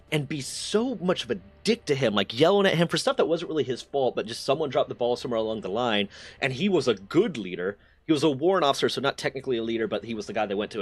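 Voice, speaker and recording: A man's voice: medium pitch, no room sound. A man hosting a stream, chatting casually and telling stories with frequent restarts and swearing. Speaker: streamer host. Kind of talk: casual chat.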